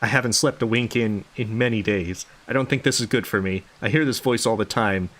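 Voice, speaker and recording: A man's voice: on the low side, fairly quick, fairly bright tone. A man reading out the lines of an unhinged, sleepless male doctor in a game, rambling and swearing. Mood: muttering. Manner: rambling, swearing, paranoid muttering. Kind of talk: reading game dialogue aloud.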